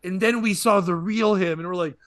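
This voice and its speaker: Bright-voiced man telling a comedy story. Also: sits high, a little fast. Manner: rambling anecdotal, acts out other people's lines. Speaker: comedian and podcast host.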